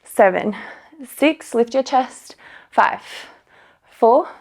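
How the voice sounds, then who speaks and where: Woman, young adult, pilates instructor, upbeat counting, a bit breathless, gravelly. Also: fairly high pitch, animated, very slow. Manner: upbeat counting and coaching, with light laughs. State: slightly out of breath. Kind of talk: workout instruction.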